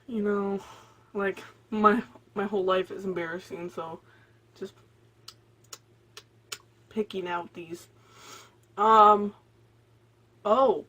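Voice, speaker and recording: A breathy, slow-talking young woman storyteller. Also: mid-range voice. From Michigan, USA. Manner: giggly, rambling, drops into whispers then bursts loud. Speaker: vlogger. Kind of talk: casual storytelling to camera.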